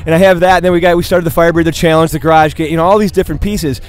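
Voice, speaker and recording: A man's voice: on the high side, steady tone, racing, faint music behind. Earnest man explaining his philosophy. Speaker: gym owner and chiropractor guest. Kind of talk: casual interview. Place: outdoors at a competition.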